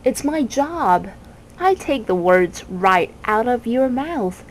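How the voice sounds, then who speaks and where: A spiteful, unkempt male bird taunts with haughty, mocking wordplay in a storybook reading, as a woman reads him aloud. He drawls his jibes slowly, and a faint hiss of background noise sits under the voice. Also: fairly high pitch, big pitch swings, poor audio. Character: malicious dirty old male bird, cackling and haughty.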